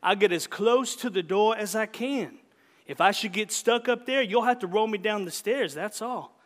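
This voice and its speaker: A stern old backwoods great-uncle with a gravelly voice hollers his insistent demands, as a man reading a story puts him on. His voice sits high and carries through a hall with a long, lingering reverb. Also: moderate pace, lightly acted.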